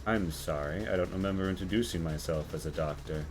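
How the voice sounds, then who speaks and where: A man voicing a grave, dismissive male scientist who speaks in a quiet, clipped way. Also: low voice, a little fast, soft background music, close to an everyday voice. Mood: coldly formal.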